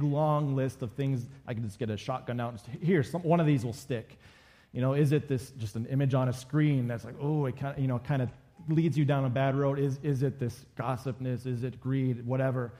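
A man's voice: mid-range voice, mellow. A male pastor giving a conversational sermon and acting out quoted lines from the story.

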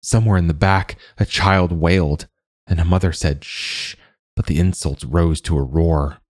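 A man narrates a dark fantasy story at a measured, deliberate pace. His voice is extremely deep. The recording is dry and close, with no room sound. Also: steady tone, no echo. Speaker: audiobook narrator.

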